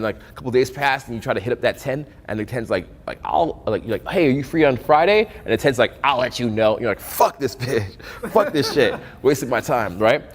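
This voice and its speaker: A young man talks as a dating coach in loose, profane storytelling. He acts out little conversations and jumps between voices, keeping an ordinary mid-pitched tone. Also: in a large hall, a little hiss or hum. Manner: profane, animated, acts out both sides of conversations. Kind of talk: casual storytelling talk.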